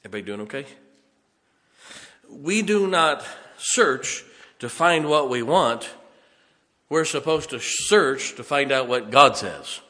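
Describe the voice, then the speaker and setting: A man's voice: medium pitch, lively intonation, slow, long pauses, bright, forceful tone, in a large hall. A man preaching a sermon in a folksy way, often chuckling and checking on his congregation.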